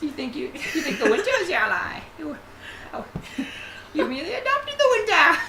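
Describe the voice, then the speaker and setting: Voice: sits high, huge pitch swings, normal speed, a crowd in the background, pitched above the performer's own voice, heavily acted. A podcaster putting on a grandiose mock villain. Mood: mock menace. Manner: mock-menacing, laughing.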